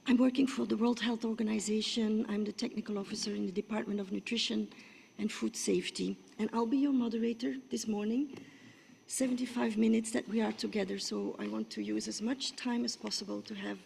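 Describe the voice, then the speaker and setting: A woman with a rough, hoarse voice moderating a conference session, her speech hesitant and full of fillers. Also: on the high side, darkish tone. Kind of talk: opening remarks at a conference side event. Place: large conference room. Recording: long reverb of a large hall.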